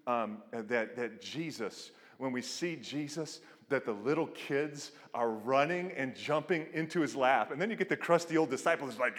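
Middle-aged male pastor, animated sermon, hall reverb. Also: normal speed, few pauses. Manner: animated storytelling, acts out quotes with big pitch jumps.

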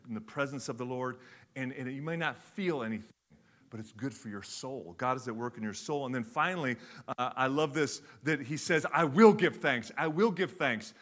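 A middle-aged man preaching a sermon, telling stories with lively acted-out voices that swing from loud to hushed. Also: medium pitch. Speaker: pastor.

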